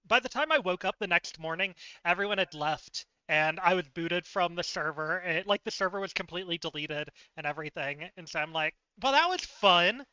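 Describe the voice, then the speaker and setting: A man with a high, smooth voice and a sharp, cutting edge talks through a story in a loose, animated way, full of fillers and laughs. He is recorded close and dry. The sound is a little dull. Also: brisk, hardly any pauses, dry recording. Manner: chatty and animated, laughs often, many fillers. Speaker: livestreamer. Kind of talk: casual storytelling chat.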